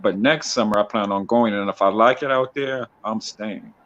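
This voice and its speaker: A man's voice: lowish voice, moderate pace, fairly bright tone. A man joining a livestream as a guest, talking bluntly and emphatically, with many restarts. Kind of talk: casual livestream chat. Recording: dull lo-fi call audio.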